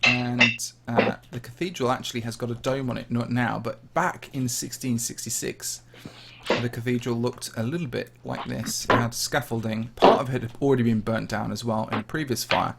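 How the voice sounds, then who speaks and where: The voice is mid-range and gravelly, steady in tone and moderate in pace, with heavy background noise. It belongs to a Minecraft channel host from the English Midlands with a slightly posh accent, who casually answers viewer questions while touring a game map on a livestream.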